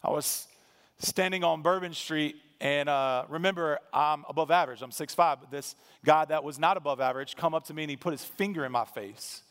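A male pastor preaches in a conversational, emphatic way, with a few dry asides. His voice sits fairly high for a man. A long church-hall reverb trails every phrase. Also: brisk, a bit bright, clean tone. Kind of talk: sermon.

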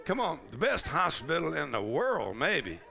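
A man preaching at a conference, shouting and laughing loudly as he preaches. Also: fairly high pitch, huge pitch swings, measured pace, gravelly, soft background music. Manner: shouting, laughing loudly, Southern colloquial speech. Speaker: pastor. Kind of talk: charismatic preaching sermon. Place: large conference hall.

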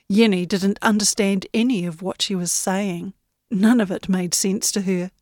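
A woman narrating a science fiction story aloud in a measured, unhurried way. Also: mid-range voice, fairly even intonation, darkish tone, no room sound, studio quality. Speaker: audiobook narrator.

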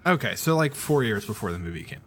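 A man's voice: mid-range voice, very animated, fast, a bit bright. A man with a mid-range voice co-hosts a casual podcast. He rambles and stops short, often starting his sentences over. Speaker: podcast co-host. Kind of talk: casual chat.

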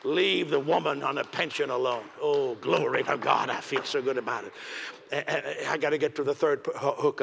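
A pastor preaching a sermon, lively and acting out the people in his stories. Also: fairly high pitch, slightly rough, big-room sound.

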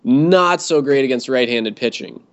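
A mid-range male voice at normal speed co-hosts a casual sports podcast, full of dry sarcasm and frequent laughter. The recording has a dull lo-fi sound.

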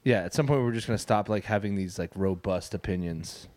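Young man, casual talk, asks questions, deadpan, dry sound. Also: fairly low pitch, a little fast, no echo. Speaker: podcast co-host. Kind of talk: casual banter.

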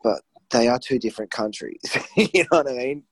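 A man's voice: mid-range voice, expressive, moderate pace, husky, no echo, poor audio. An Australian man co-hosting a podcast, laid back and full of "you know", on a patchy remote call. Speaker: podcast co-host. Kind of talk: casual chat. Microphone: remote call, patchy line.

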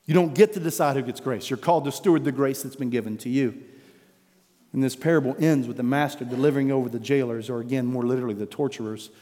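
A man preaching a sermon as pastor, emphatic, rising to loud declarations and dropping low for weight. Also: quick pace, long reverb tail.

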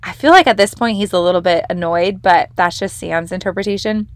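A woman's voice: on the low side, fairly quick, dry recording. A young woman hosting a devotional podcast, teaching from the Bible in a casual, enthusiastic, emphatic way. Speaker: podcast host leading a devotional.

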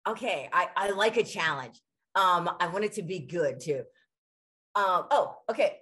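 A woman in her twenties, a guest on a podcast, giggly and excitable, thinking aloud as she talks. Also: fairly low pitch, a little slow. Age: 20s. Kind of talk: casual podcast chat.

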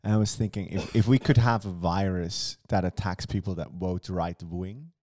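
A man with a fairly low voice tells a story in casual podcast banter. His delivery is wry, and he laughs between lines. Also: fairly even intonation, moderate pace, a little mellow. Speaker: podcast co-host.

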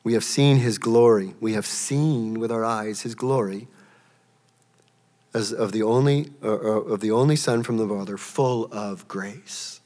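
A man preaching a sermon in a church, emphatic, his voice jumping high as he acts out quotes. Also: a little slow, a little mellow, long reverb tail. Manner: emphatic, rising to a high pitch when acting out quotes. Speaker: pastor.

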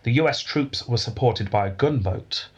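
Husky man telling history, dry jokes. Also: medium pitch, animated, normal speed, muffled recording. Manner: dry, joking storyteller with frequent laughs. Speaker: podcast host telling a history story. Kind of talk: casual history podcast chat.

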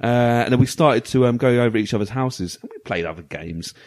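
A man's voice: medium pitch, brisk. A man, co-hosting a podcast and telling a rambling, laugh-filled story in casual chat. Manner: rambling, animated, laughs often. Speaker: podcast co-host.

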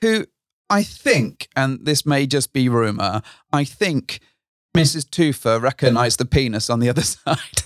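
A man's voice: medium pitch, expressive, a little slow. A man co-hosting a podcast, telling a rambling story with frequent restarts and laughter. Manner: rambling, self-correcting storyteller who laughs often. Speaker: podcast co-host. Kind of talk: casual chat.

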